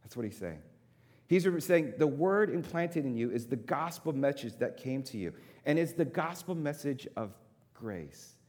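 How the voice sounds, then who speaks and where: A man's voice: fairly high pitch, a little mellow. A man preaching a sermon, repeating words for emphasis and turning to the congregation with casual asides. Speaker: pastor. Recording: long hall reverb.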